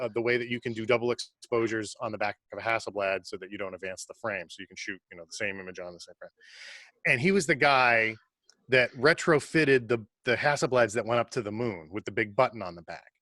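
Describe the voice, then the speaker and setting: Guy on a video call telling a story, rattles along fast, dry close sound, says like a lot. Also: medium pitch, no room sound. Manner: animated, fast-paced storyteller who uses lots of "like". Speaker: guest. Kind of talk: casual storytelling.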